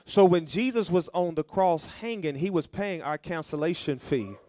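A man's voice: a little high, moderate pace, few pauses, warm tone, dry recording. Man preaching with call-and-response. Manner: call-and-response preaching, asking the congregation to fill in words; folksy, conversational storytelling. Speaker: pastor. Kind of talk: sermon.

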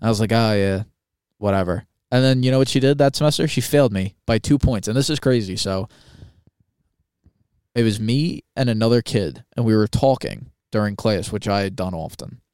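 A young man co-hosting a podcast, telling a story in a casual, animated, swearing way and acting out quoted voices. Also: lowish voice, moderate pace, clean tone, no room sound, studio quality. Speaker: podcast co-host.

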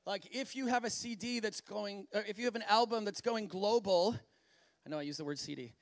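High-voiced, gravelly male preacher. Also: fairly quick, no room sound. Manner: animated, acts out God's voice, laughs often. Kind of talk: sermon.

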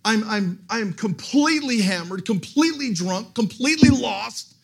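A middle-aged guest pastor preaches at a church service, telling a personal story full of self-deprecating jokes and excited restarts. His voice is high for a man, husky and slightly raspy, at normal speed, and his sermon storytelling is humorous and animated.

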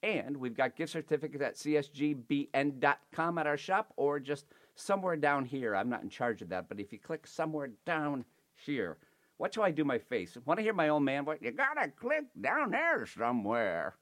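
A man's voice: on the high side, expressive, moderate pace, a bit bright. A man hosting a cooking show, chatting and joking with a guest and reading sponsor spots. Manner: chatty, joking, repeats phone numbers. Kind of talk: casual chat and ad read.

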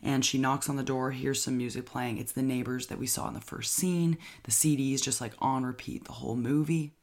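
Gravelly-voiced chatty movie recapper. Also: mid-range voice, steady tone. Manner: chatty, filler-heavy with frequent "like", enthusiastic; acts out characters' lines in quick voices. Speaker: movie reviewer. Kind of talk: casual movie plot recap.

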